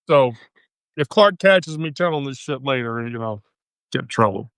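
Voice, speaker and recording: A woman hosting a live stream, telling a story in casual chat, animated and profane, laughing often. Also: a bass voice, slow pace, pauses often, no room sound.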